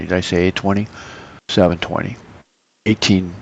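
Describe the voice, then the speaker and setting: A man's voice: deep voice, steady tone, normal speed, creaky, a little hiss or hum, poor audio. A middle-aged man hosting a live trading stream, chatting loosely with many fillers and self-corrections. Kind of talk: casual live market commentary.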